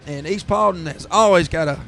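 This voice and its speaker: A man with a Southern accent calling high school football play by play, rising to excited near-shouts on big runs. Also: brisk, vocal fry, soft background music. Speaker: play-by-play announcer.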